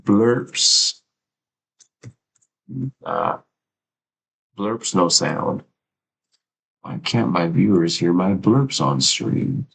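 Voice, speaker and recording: Man, live streamer, deep voice, slow talker, rambling casual chat, light room hum behind. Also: very animated, creaky, a bit bright, poor audio. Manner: rambling, talks to himself, swears casually. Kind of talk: casual solo livestream chat.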